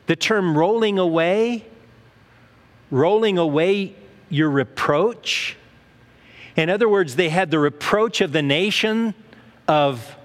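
A man's voice: fairly high pitch, long reverb tail. A man preaching a sermon in a conversational way, asking rhetorical questions and acting out what people say. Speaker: pastor.

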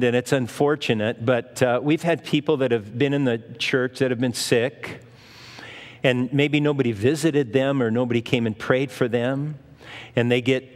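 A man's voice: medium pitch, big-room sound. A male pastor giving a conversational sermon, acting out the voices of the people in the Bible stories.

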